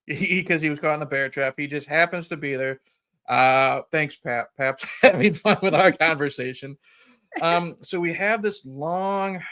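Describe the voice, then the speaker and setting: Podcast host guy, bright and a bit high-pitched, rambling chuckly film recap. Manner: rambling, chuckling retelling with frequent "you know". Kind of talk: casual chat recapping a film.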